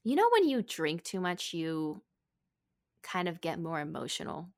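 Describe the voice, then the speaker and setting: A young woman telling a story in casual chat, animated and giggly, full of "like". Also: fairly low pitch, measured pace. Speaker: podcast co-host.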